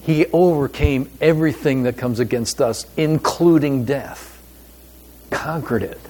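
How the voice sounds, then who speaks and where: A man preaching a sermon as pastor, with a deliberate, emphatic delivery and pauses. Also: mid-range voice, warm tone.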